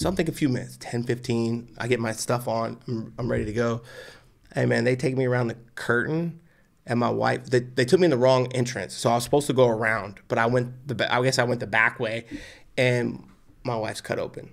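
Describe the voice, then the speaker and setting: A man in his forties tells a personal story on a podcast, earnest and candid. His voice is gravelly, sitting at an ordinary pitch for a man. He slips into the voices of the people in his story as he goes. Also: fast talker. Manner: animated, acts out the voices of people in his stories; emotional, earnest. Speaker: podcast guest.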